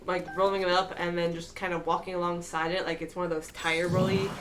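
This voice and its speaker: A woman's voice: fairly low pitch, level tone, a little fast, a little hiss or hum. A woman streamer giving casual, chatty let's-play commentary, laughing often and rambling through asides. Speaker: streamer playing a game.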